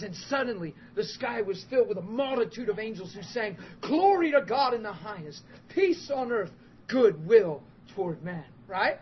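A man preaching a sermon at a church service, telling a story with emphatic, animated delivery that swells into loud outbursts and breaks into chuckles. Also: sits high. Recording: muffled with faint background hiss.

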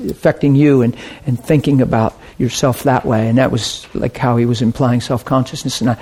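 A man pastor giving an informal teaching talk, telling stories in an animated way and laughing often. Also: mid-range voice.

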